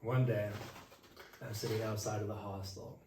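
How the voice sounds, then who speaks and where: A young man hosting a podcast, telling a travel story in a relaxed chat at home and acting out the people he met. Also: on the low side, normal speed. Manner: animated, acts out quoted voices. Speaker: podcast host. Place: indoors at home. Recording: echoey room, mic far off, faint hiss.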